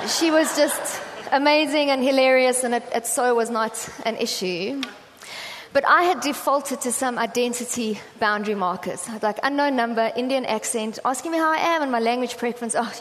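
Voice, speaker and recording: A woman with a somewhat high voice, preaching in a casual, storytelling way and filling her talk with "um" and "you know". Her voice rings out with a long reverb across a church hall, with faint ambience underneath. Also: a bit bright, slight background noise. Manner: chatty, self-deprecating storytelling with many fillers. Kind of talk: conversational sermon.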